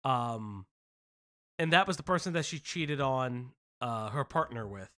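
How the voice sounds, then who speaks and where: A man's voice: medium pitch, animated, unhurried, pushed and bright. A man hosting a casual commentary stream, rambling, laughing often and swearing.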